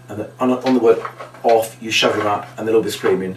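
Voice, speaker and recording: A man with a lowish, fairly even voice speaks quickly, teaching how to perform a magic and puppet trick in a training demonstration. He explains each step and acts out the patter in a bigger voice. The mic is far off, with roomy echo and slight background noise.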